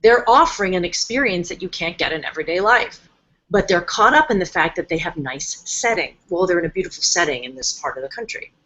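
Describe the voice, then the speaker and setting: A woman's voice: lowish voice, lively intonation, a little fast, a bit bright, dull audio. A woman hosting a casual live-stream talk as a coach, chatty and emphatic, often acting out her clients' voices. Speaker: host and coach.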